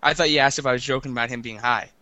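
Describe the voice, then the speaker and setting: Fast-talking bright-voiced man co-hosting sports talk. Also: mid-range voice, steady tone, dry recording. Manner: rambling, stammering restarts, teasing. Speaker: podcast co-host.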